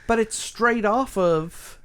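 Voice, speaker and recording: A man's voice: sits high, takes it slowly, clean tone. A British man co-hosting a podcast, chatting casually and arguing his picks with many restarts. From United Kingdom. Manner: opinionated, animated, with many restarts. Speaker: podcast co-host. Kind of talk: casual chat ranking songs.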